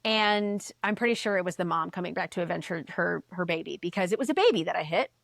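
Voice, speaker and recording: A woman guest on a podcast, telling a story in casual chat, animated, swearing and acting out the voices she quotes. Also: lowish voice, fast, vocal fry.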